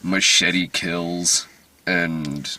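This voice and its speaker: A man's voice: low voice, extremely slow. A man chatting casually in a dim movie theater after a screening, laughing often as he reviews the film. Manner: giggly, laughs often, animated.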